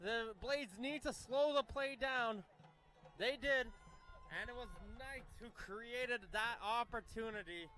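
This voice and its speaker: A man giving live play-by-play commentary on a youth soccer match, brisk and correcting himself on names as play moves. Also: very high-pitched, pushed and bright, faint music behind.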